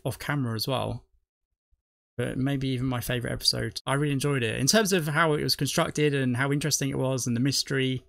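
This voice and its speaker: Chatty man with gravelly voice. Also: mid-range voice, a bit bright, no echo, clean studio sound. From not from the US. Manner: chatty, rambling, laughs often, self-correcting. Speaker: reaction video host. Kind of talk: casual chat.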